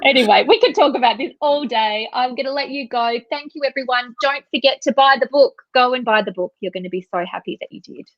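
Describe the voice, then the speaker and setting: A woman's voice: sits high, fairly quick, few pauses, no room sound. An Australian woman hosting an interview over a video call, enthusiastic and eager to promote. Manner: enthusiastic, promotional, warm praise. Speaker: interviewer host. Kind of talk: casual interview chat. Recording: dry, dull lo-fi sound.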